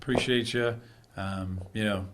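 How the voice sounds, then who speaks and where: A man's voice: lowish voice, steady tone, unhurried, background noise. Male co-host, casual banter, playful arguing. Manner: joking, argumentative banter. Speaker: sports show co-host. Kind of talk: casual sports chat.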